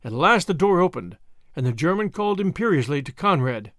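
A male audiobook narrator reads a novel in a measured, expressive way. His voice sits a little high and moves lively through each line. The sound is close and dry, with no room around it. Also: dry recording. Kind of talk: scripted narration.

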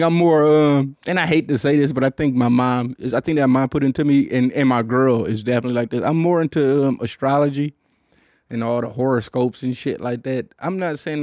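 In a dry studio-booth recording, a male podcast host with a mid-range, slightly mellow voice keeps the conversation casual. His talk rambles, gets profane and is thick with filler words.

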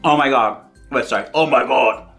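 A man putting on a crude, brash Australian straight guy on a date, with a put-on Australian accent and a lowered voice. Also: moderate pace, vocal fry, soft background music. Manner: brash, swearing, shouting at the game.

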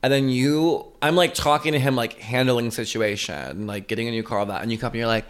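A man's voice: medium pitch, a little fast. A man co-hosting a casual vlog chat, telling travel stories and swearing freely. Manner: chatty storyteller who swears freely. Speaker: co-host.

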